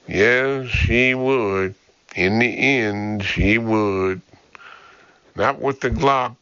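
A man reading a novel aloud as audiobook narrator in slow, even storytelling. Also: lowish voice, no echo. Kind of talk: scripted narration. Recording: dull dry lo-fi audio.

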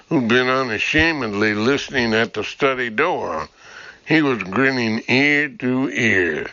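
A man reading scripted audiobook narration in a measured, even storytelling manner, in a dull lo-fi recording. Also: mid-range voice, clear, resonant tone, dry recording.

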